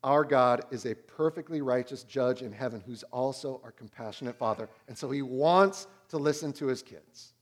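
A pastor in his thirties preaching a sermon, swinging between loud and hushed. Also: medium pitch, normal speed, few pauses.

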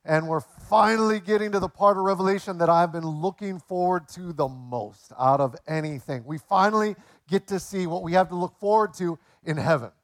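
High-voiced conversational male pastor. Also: brisk, no room sound. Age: 40s. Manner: conversational, joke-telling preacher. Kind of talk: sermon.

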